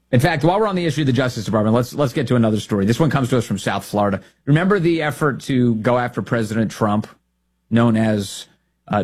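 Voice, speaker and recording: A man's voice: lowish voice, darkish tone, husky. A man hosting an opinionated political talk show, mocking and trading insults in asides.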